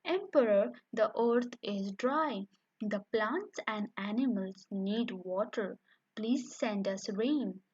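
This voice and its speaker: A woman's voice: mid-range voice, expressive, slow pace, a little mellow, husky, no echo. A woman voicing a bold little male toad who asks politely and pleads for rain, on a dull lo-fi recording. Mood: pleading.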